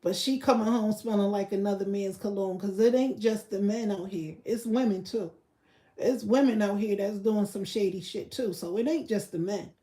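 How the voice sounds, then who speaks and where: In an echoey room, a woman with a mellow, medium-pitched voice speaks at normal speed. She hosts a casual livestream rant, bluntly and profanely addressing her chat viewers directly.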